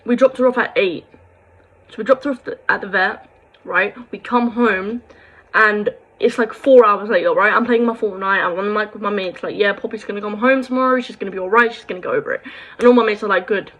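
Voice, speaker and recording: A woman's voice: mid-range voice, a little fast, a bit bright, low-quality recording. A young woman, rambling through a sad personal story to camera, full of quoted dialogue and sighs. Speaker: vlogger.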